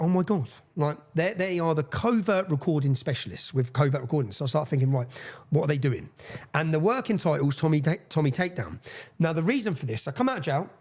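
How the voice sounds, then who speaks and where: Fast-talking excitable man. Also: fairly high pitch. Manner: fast, excitable, swears, acts out quoted voices. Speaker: interview guest. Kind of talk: animated storytelling in a podcast interview.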